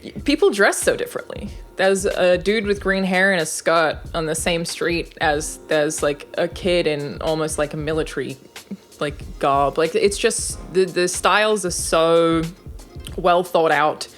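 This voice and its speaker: A young woman with a low, deep-set voice speaks as an interview guest, chatty and loose with lots of fillers. Faint music sits under her. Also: unhurried. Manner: chatty, many fillers and laughs. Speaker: interview guest, game voice actor. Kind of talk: casual interview chat.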